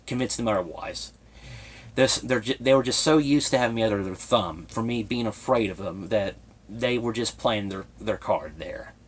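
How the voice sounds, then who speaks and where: This young vlogger shares a personal story in a confessional style, hesitant and emotionally raw. He often restarts his sentences, speaking at a medium pitch.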